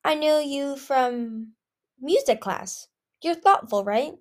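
A woman's voice: high voice, animated, slow, voice pushed up. A woman voicing a shy, artistic young male dragon who talks hesitantly.

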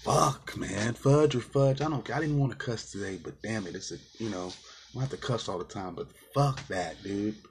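A man's voice: fairly low pitch, moderate pace, creaky, slight background noise. A man giving a casual, exasperated movie review, rambling with fillers and swearing often. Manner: rambling with many fillers and restarts.

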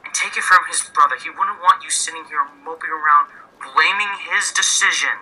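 A man's voice: fairly high pitch, a little fast, sharp tone. A man playing an earnest grieving crewmate. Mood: earnest, consoling. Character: earnest man consoling his captain over his dead brother. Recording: phone-like lo-fi line.

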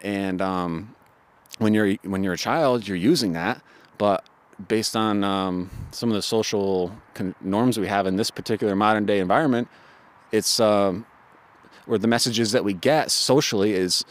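A man's voice: lowish voice, moderate pace. A man co-hosting a podcast, explaining fitness ideas in a thoughtful, casual way with frequent fillers. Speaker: podcast co-host.

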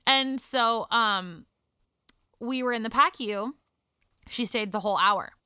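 Woman, 30s, chatty storyteller, bright crisp voice, animated with quiet hushed moments. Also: a little high, takes it slowly, no echo, studio quality. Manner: animated, drops to a hush for emotional moments. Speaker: guest telling her birth story. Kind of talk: casual storytelling chat.

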